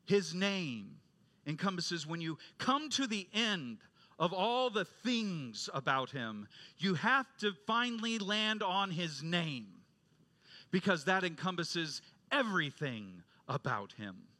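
Bright-voiced preaching man. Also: high-pitched, very animated, takes it slowly. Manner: storytelling preacher, swings from loud proclaiming to hushed retelling. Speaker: pastor. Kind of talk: sermon. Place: church sanctuary.

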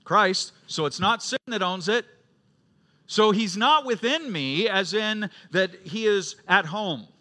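A middle-aged man preaching a sermon as a pastor, swinging from loud emphatic questions to quiet storytelling. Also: high voice, expressive, slow pace.

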